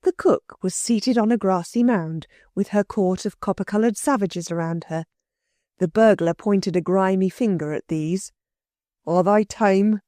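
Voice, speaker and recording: A woman narrates a classic storybook in a steady, even reading voice. Her pitch sits in the middle. The sound is dry and close. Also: moderate pace, no echo. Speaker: audiobook reader. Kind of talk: scripted narration.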